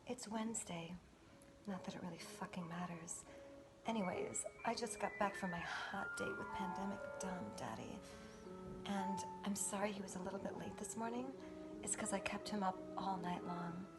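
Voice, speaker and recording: Woman, comic performer; sultry mock-seductive whisper, breathy delivery, clear music bed. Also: mid-range voice, fairly even intonation, moderate pace. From United States. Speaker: comedic performer.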